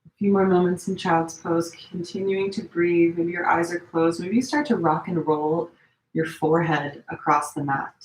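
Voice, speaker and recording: A woman leads a gentle yoga flow in an echoey room at home, her voice sitting low. Her cues are relaxed and chatty, full of little fillers. She demonstrates each pose as she talks, and sounds a touch strained while holding them. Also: moderate pace. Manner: demonstrating poses while talking. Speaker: yoga teacher. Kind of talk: live-streamed yoga class instruction.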